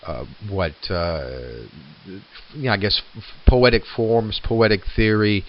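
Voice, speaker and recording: A man giving a recorded literature lecture in a reflective way, with many fillers, who slows down to read lines of verse aloud. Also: lowish voice, sing-song, muffled recording.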